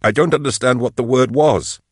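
A man's voice: fairly quick, husky, no room sound, studio quality, lightly acted. A man voicing a panicked, nauseous young male soldier, gasping and frantic. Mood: shaken. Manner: frantic, gasping, higher-pitched.

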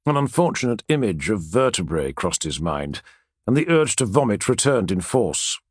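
Male audiobook narrator, dramatic storyteller with an animated voice, dry booth sound. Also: fairly low pitch, moderate pace, husky, no room sound. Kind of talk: scripted fantasy narration.

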